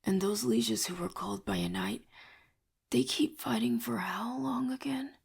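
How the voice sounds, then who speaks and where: A woman voicing a brooding young male mage who mutters in a low, half-whispered way, sardonic and bored. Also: a little slow, vocal fry, breathy edge, heavily acted.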